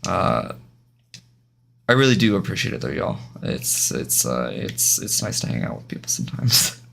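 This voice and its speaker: Gravelly low-voiced man chatting on stream. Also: very animated, normal speed, fairly bright tone, slight background noise. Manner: rambling, restarts sentences, chats to viewers. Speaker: game streamer. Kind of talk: casual live-stream chat while gaming.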